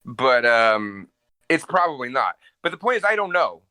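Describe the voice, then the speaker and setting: Man co-hosting, playful chat, lively pitch, bright tone. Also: moderate pace, dry recording. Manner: playful and animated. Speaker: podcast co-host. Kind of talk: casual comedic chat. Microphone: home microphone on a call.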